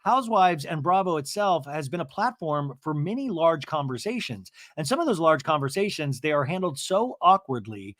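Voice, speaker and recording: A male podcast host recapping a reality show in a loose, rambling way, restarting sentences as he thinks aloud. His voice sits a bit high for a man. The recording is close and dry. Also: sing-song, normal speed, hardly any pauses, a bit bright, no echo. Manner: rambling, lots of you-knows and restarts.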